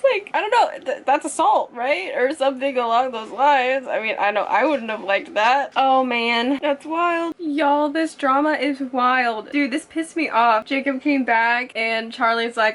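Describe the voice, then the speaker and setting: A woman's voice: high-pitched, normal speed, fairly bright tone. A young woman, chatting casually and animatedly in a reading vlog, laughing often and acting out characters. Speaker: book vlogger.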